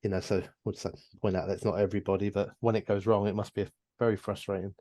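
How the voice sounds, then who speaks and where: A man with a lowish voice co-hosts a relaxed chat show. He listens, chuckles along, and offers calm, even-handed views. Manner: easygoing listener, chuckles along, measured opinions. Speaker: podcast co-host. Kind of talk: casual chat.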